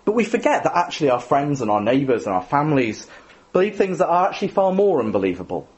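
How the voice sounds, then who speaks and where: A man's voice: a little high, very animated, fast talker. A man giving a sermon in a conversational, self-deprecating way, often adding tag questions. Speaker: preacher.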